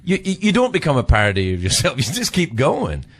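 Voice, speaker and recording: A man's voice: medium pitch, huge pitch swings, brisk, fairly bright tone. A middle-aged man with a Scottish accent, a guest comedian in casual chat, who laughs often and swears. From Scotland.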